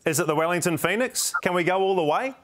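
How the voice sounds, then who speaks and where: A man's voice: high-pitched, lively intonation, fast, a bit bright. A man with a New Zealand accent hosting a football show, asking friendly, upbeat questions. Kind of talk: casual interview hosting.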